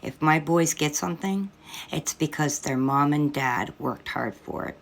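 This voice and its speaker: A woman's voice: sits low, a little slow, vocal fry, slight background noise. A middle-aged woman giving critical reaction commentary, scornful and lecturing in a sarcastic tone. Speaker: social media commentator.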